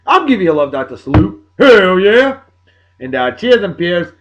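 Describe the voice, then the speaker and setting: A man, hosting a show and giving rowdy, salty shout-outs to friends in a casual rambling way. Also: fairly high pitch, sing-song, fast, background noise. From Martha's Vineyard, Massachusetts. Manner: boisterous, salty, hollers catchphrases.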